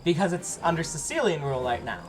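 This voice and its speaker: A streamer with a mid-range, sing-song voice talks fast over soft background music. He or she chats casually while playing a strategy game, often reading the on-screen text aloud, in the style of relaxed live game commentary.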